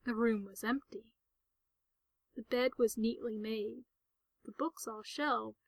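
Slow, soft-spoken woman narrating a story. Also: on the high side, steady tone, creaky, dry recording, low-quality recording.

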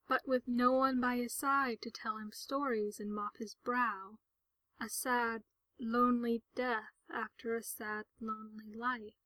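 A woman narrating a story in a soft, gentle, half-whispered voice. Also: fairly high pitch, no echo, rough recording.

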